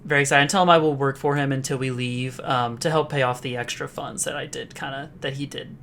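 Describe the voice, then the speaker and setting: Eager rambling tabletop player, mid-pitched, faint background noise. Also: fast. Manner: excitable, rambling. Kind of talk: tabletop role-play, in character.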